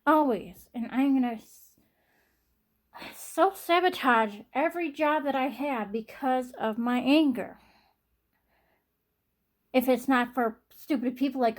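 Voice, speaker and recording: Young woman vlogger, slightly high voice, halting and repetitive, sighs a lot. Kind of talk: personal vlog monologue.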